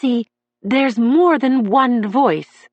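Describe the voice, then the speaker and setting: A man's voice: extremely high pitch, very slow, no room sound, highs cut off, voice pushed up, heavily acted. A woman voicing a distraught defendant in his thirties, a man whose voice warbles with emotion as he testifies. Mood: haunted. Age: 30s.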